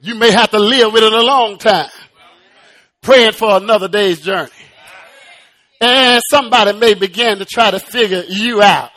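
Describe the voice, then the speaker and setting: A man preaching in a very high, bright, ringing voice. He climbs from slow, hushed phrases to loud, soaring, shouted passages. He often repeats a word several times before pushing on. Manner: repeats words in quick restarts. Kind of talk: sermon.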